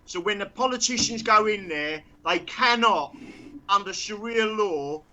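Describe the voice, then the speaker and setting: A man's voice: sits high, lively intonation, measured pace, sharp tone, dull audio. A man talking heatedly on a live stream, stammering and repeating himself.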